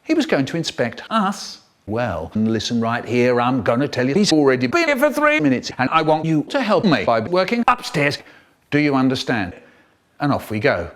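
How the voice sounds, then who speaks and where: Animated man telling a story. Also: medium pitch, normal speed. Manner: animated, exaggerated. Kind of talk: comic storytelling.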